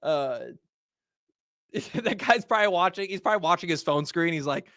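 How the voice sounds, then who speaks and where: A man's voice: a little high, a little slow, long pauses, fairly bright tone, smooth, no room sound, clean studio sound. A man hosting a livestream, ranting casually and profanely to his chat in slangy talk. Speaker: host. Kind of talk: livestream market rant.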